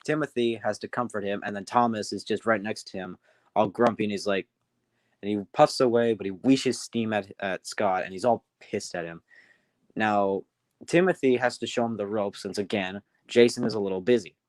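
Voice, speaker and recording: A man's voice: fairly low pitch, normal speed, dry recording. A man casually telling a story on a livestream, rambling with many restarts. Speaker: storyteller, streamer.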